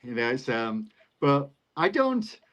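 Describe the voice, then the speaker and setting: A retired teacher in his sixties, a guest on a live video call, telling stories in a casual chatty way and jumping up in pitch as he recounts exchanges. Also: slow pace, lo-fi sound. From England. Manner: lively storyteller, pitch jumps up when recounting exchanges. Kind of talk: casual anecdotal storytelling.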